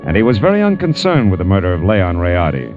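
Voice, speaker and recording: A tough private detective with a low, clipped, sardonic delivery. Faint music sits behind him. It is a muffled old radio broadcast. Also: male voice, wildly swooping pitch, fast talker. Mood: narrating. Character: hard-boiled male private detective, wry and tough. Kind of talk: 1940s radio acting.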